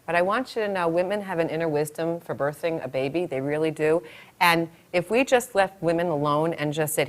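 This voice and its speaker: A woman's voice: on the low side, brisk. A woman who teaches childbirth, talking expectant mothers through labor and acting out scenarios as she goes. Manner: animated, acts out scenarios. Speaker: childbirth educator. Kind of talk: instructional talk to expectant mothers.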